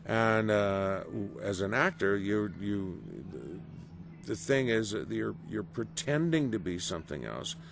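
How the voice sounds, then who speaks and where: A middle-aged man giving a casual interview as a voice actor, animated and storytelling, acting out quoted reactions. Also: on the low side, takes it slowly, gravelly. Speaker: voice actor guest. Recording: noisy background.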